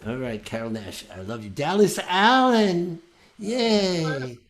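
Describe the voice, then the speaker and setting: Earnest older man, lively pitch. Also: takes it slowly, crowd noise. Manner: earnest, rambling, restarts mid-sentence. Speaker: folk singer and songwriter. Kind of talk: heartfelt casual chat after a song.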